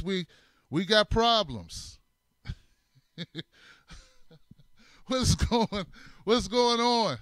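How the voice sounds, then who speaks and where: A man hosting a comedic political commentary show, with a fairly high voice and an unhurried delivery. He is animated, repeats his lines for effect, and laughs often. The sound is dry and close. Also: no echo. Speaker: host.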